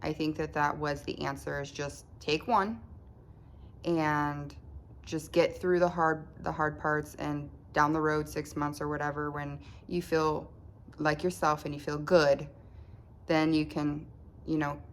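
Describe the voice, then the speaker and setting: A middle-aged woman speaking at home in a casual diary-style vlog, halting and restarting as she talks. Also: deep voice, little pitch movement, slight background noise. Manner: halting, with restarts and trailing phrases. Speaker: vlogger keeping a recovery diary.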